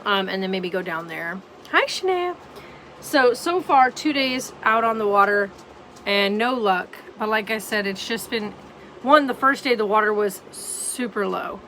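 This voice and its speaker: A woman's voice: medium pitch, unhurried, pushed and bright, a little hiss or hum, poor audio. A tired, yawning woman vlogging casually from home, rambling with lots of ums. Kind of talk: casual vlog chat.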